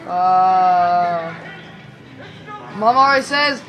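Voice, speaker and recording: A woman's voice: mid-range voice, animated, normal speed, a crowd in the background. A woman hosting a horror game playthrough, joking and cursing, yelping at scares, her voice getting worn from screaming. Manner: jumpy, yelps and screams at scares; joking, swears a lot. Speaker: gaming video host. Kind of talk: let's-play commentary.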